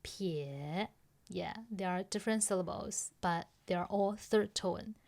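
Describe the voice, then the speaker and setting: A woman's voice: mid-range voice, steady tone, moderate pace, gravelly, a little mellow. A woman hosting a podcast pronunciation lesson, explaining patiently step by step and checking that listeners follow. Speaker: language teacher and podcast host.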